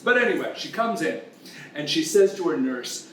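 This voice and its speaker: A man with a fairly high voice hosts a comic lesson, retelling the tale with a bawdy, teasing glee. He sounds a step away from the mic, and a strong room echo rings around his words over faint background noise. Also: big pitch swings, moderate pace, recorded from a distance. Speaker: host.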